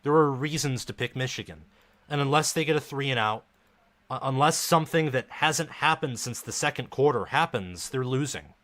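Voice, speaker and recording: Bright-voiced frustrated man commenting live. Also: mid-range voice, moderate pace. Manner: frustrated, dejected fan talk. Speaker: live stream host.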